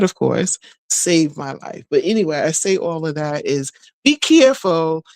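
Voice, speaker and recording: A middle-aged woman talking straight to her viewers in a relaxed, rambling vlog, folksy and quick to laugh. Her voice is a bit hoarse, as if she is losing it. The sound is close and dry, with no room around it. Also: low-pitched, no echo. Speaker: vlogger. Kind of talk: casual vlog chat.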